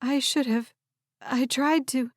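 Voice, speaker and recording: A woman voicing an anxious, protective young caretaker who talks gently and soothingly. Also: sits high, steady tone, takes it slowly, no echo, clean studio sound, voice pushed up. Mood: worried.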